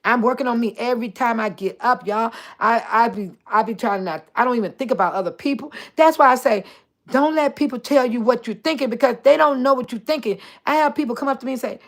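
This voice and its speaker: Older woman hosting a live chat, voice a bit high, chatty and lively, laughs a lot, talks to viewers by name. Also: fast. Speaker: host.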